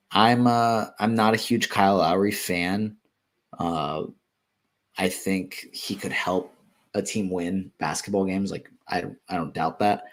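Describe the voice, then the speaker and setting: A man answering viewer questions in a casual Q&A, thinking aloud with frequent ums, restarts and self-corrections. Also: deep voice. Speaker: fantasy basketball analyst answering viewer questions. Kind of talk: casual live Q&A.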